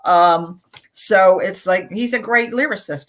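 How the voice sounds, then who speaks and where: A middle-aged woman hosting a community radio show, reading poems aloud slowly and deliberately, with casual chatty asides between them. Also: medium pitch.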